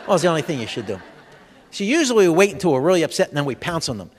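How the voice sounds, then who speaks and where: Racing along with big swings in pitch, a man with a slightly high voice runs a stand-up style health seminar, peppering the audience with jokey questions. Some chatter can be heard behind him, and the large expo hall gives off long reverb.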